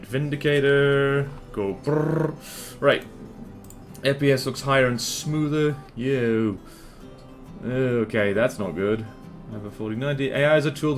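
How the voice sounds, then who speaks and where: A man streaming a strategy game live, chatting with his viewers and reacting to the battles on screen as he rambles through his opinions. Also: mid-range voice.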